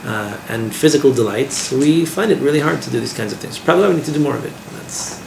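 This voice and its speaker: A man, a rabbi, teaching an informal class in a lively way, asking his listeners questions and using Hebrew terms. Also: mid-range voice, fast talker, creaky. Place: classroom with a small group. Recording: echoey room with background noise.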